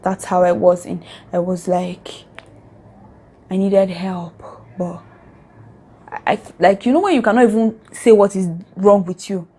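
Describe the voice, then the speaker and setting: A woman's voice: mid-range voice, normal speed, dark tone. Young Nigerian-accented woman, vlogger, earnest and emotional, mid-range voice. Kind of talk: casual reflective vlog.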